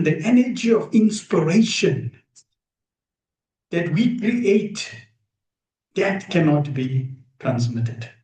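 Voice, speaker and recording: A man giving an emphatic devotional talk to a gathered group, pausing often and asking rhetorical questions, streamed live. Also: on the high side, darkish tone. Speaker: spiritual teacher. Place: room with a gathered audience. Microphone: streamed live over video call. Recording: echoey room.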